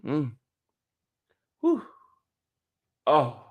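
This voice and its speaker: A man voicing a smooth, seductive grown man who flatters a woman in a soft, hushed, silky voice. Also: a little high, very slow, voice pushed up, exaggerated voice. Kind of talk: casual live-stream commentary with impressions.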